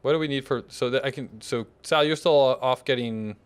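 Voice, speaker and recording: A man in a mid-pitched voice rambles through a multiplayer game session. He thinks aloud as he works out what is going wrong, in easy, casual chat. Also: a little fast, clear, resonant tone. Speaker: gameplay host.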